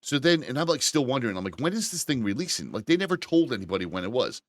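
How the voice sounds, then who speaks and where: A man co-hosting a casual podcast, telling an animated, exasperated story with frequent profanity. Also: mid-range voice, quick pace, no echo. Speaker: podcast co-host. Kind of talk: casual chat.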